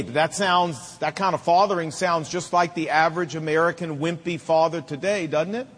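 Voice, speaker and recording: Middle-aged man, sermon, emphatic repeated phrases, high voice, long reverb. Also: fairly bright tone. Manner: emphatic, repetitive preaching cadence. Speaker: preacher.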